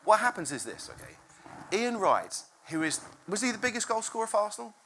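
A lively preacher speaks to a congregation, the pitch leaping and dipping as the story builds. The voice is bright and forward, the delivery chatty and full of restarts and little laughs. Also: brisk, slight background noise. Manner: animated, chatty, self-interrupting, laughs often. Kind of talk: informal sermon storytelling. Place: room with a congregation.

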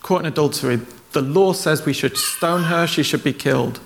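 A man's voice: fairly high pitch, moderate pace, creaky, very noisy. A man preaching a sermon, retelling stories in a conversational way and acting out the quoted lines.

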